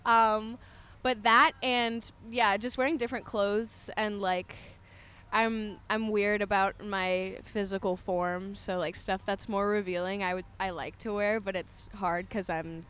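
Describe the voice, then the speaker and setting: A woman's voice: mid-range voice, steady tone, measured pace, fairly bright tone, clear, resonant tone. A woman musician chatting in a bubbly, giggly way at a festival interview. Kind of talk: casual festival Q&A.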